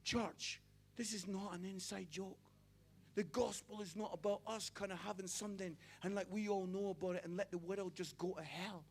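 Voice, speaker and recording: A middle-aged preacher with a strikingly high voice delivers a sermon through personal stories. He speaks with passion and pushes his voice toward shouting at the peaks. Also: steady tone, moderate pace, slight background noise. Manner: passionate storytelling, rising to near-shouts.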